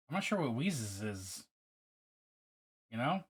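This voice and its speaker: Lively, swearing man chatting on stream. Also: medium pitch, slow, pauses often, breathy edge. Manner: chatty, profane, greets viewers by name. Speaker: streamer painting miniatures. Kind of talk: casual live-stream chat.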